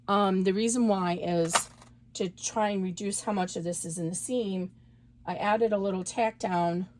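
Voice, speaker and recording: Talking while she works, a woman teaches embroidery in a relaxed, chatty sewing tutorial, walking through every step and catching her own mistakes as she goes. She has a fairly low, darkish voice.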